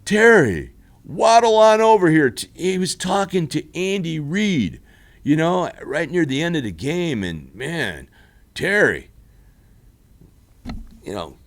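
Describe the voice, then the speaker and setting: A man hosting a football recap show, rambling and animated in casual commentary, laughing often. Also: on the high side, slow pace, long pauses. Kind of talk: casual sports commentary monologue. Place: studio.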